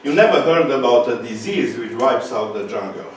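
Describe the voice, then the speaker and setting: A man with a Romanian accent gives a conference talk, pausing on fillers and restarting his sentences. He is picked up from far off in a large, strongly echoing hall. A faint hum of room noise sits under him. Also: mid-range voice, expressive. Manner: halting, restarts, frequent fillers. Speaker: speaker.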